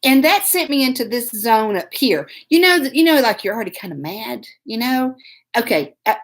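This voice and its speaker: A woman talks straight to camera, spinning a story in a loose, self-mocking drawl. Her fairly high voice swoops up and down with lots of life. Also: animated, moderate pace. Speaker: host.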